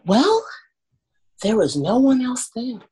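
Woman, young, Washington D.C. accent, husky, lively pitch swings, acts out stories, laughing. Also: slow. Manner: animated, laughs often, acts out moments. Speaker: pro wrestler, guest. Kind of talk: casual interview chat.

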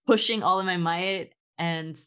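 A woman's voice: on the low side, measured pace, fairly bright tone, clean tone. A woman telling a long story in casual chat, full of fillers and restarts. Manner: rambling storytelling with many fillers. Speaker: guest mom.

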